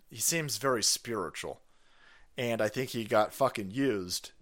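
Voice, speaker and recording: A man hosting a live stream, ranting crudely and excitably, with sudden loud bursts and fast runs. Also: fairly low pitch. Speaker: livestream host. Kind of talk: profane political rant stream.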